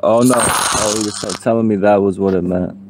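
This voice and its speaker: A man's voice: lowish voice, fairly even intonation, music in the background. A man chatting casually on his livestream, pleading for donations and joking along the way. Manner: pleading and joking, slow drawl.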